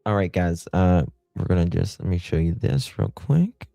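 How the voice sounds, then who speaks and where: A man's voice: low-pitched, animated, normal speed, vocal fry, warm tone, no echo, studio quality. A man hosting a live stream, chatting sarcastically with his viewers. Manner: sarcastic, talks to chat viewers. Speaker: livestream host. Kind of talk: casual live-stream commentary.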